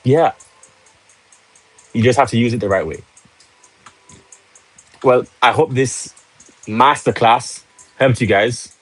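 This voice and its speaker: A man's voice: medium pitch, slow pace, long pauses, soft background music, rough recording. A man hosting a live stream, casual and pushy, urging viewers with rhetorical questions and joking with the chat. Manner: salesy, pushy, laughs easily. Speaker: livestream host.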